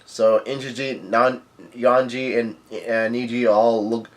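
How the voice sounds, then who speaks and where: A man hosting a casual reading recap of a manga, halting and stumbling over names as he narrates. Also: medium pitch, level tone. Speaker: manga reader and video host.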